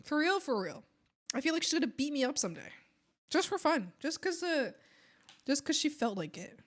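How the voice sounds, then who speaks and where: A woman's voice: high voice, very animated, normal speed. A woman streamer with a lisp, chatting casually and telling rambling stories with laughs while she draws. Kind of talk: casual chat while drawing.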